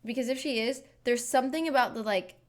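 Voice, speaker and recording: A woman's voice: on the high side, quick pace. A woman streamer chatting casually and rambling as she reacts to videos. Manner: chatty, rambling, self-deprecating.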